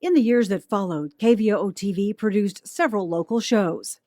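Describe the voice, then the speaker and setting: A woman news anchor giving measured, polished documentary narration. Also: mid-range voice, darkish tone, no echo.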